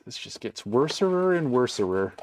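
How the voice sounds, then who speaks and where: A man's voice: mid-range voice, big pitch swings, moderate pace. A man streaming and chatting casually with his viewers, ranting in mock exasperation while he sorts things. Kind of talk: casual livestream chat.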